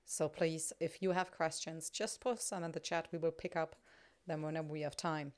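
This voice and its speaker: A woman's voice: low-pitched, steady tone, moderate pace, a little mellow. A woman hosting a casual podcast, chatting with fillers and asking her guest questions from the chat. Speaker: podcast host.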